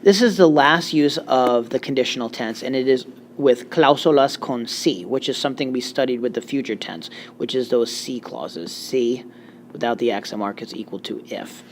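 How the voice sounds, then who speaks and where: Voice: medium pitch, moderate pace, a little hiss or hum. A Spanish teacher giving a recorded grammar lecture, explaining step by step with joking asides.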